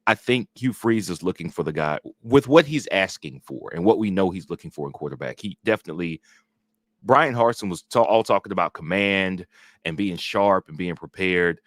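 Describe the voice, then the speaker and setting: A man's voice: low-pitched, animated, moderate pace, dry recording. A man co-hosting a casual sports chat show, making his points with earnest emphasis. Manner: emphatic, earnest opinion-giving. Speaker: co-host.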